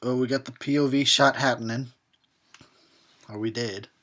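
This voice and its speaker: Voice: medium pitch, steady tone, moderate pace, fairly bright tone. A horror host giving a drunken commentary on a film, rambling and swearing and often breaking into laughter.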